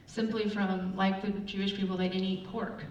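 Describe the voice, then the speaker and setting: A middle-aged woman speaking at church delivers a casual sermon in a mid-range voice at normal speed. She tells chatty, animated personal stories with lots of fillers, and the recording sounds roomy, distant and dull, with faint room noise.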